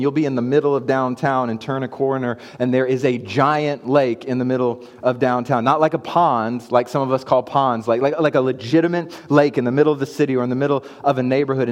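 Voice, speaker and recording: A man in his thirties, a pastor preaching a sermon and telling a family story, moving from hushed to excited. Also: mid-range voice. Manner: storytelling, swings from hushed to hyped. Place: church sanctuary. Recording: long church hall reverb.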